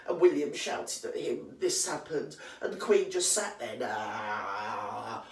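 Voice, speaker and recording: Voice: animated, takes it slowly. A performer doing a gossipy old English granny. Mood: ranting gossip. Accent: British English. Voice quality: slangy, swears constantly and rambles. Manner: mock-outraged gossiping with big pitch swings. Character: gossipy, indignant old English granny who rants about royals. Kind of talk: comedy character monologue. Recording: roomy sound from a distant mic.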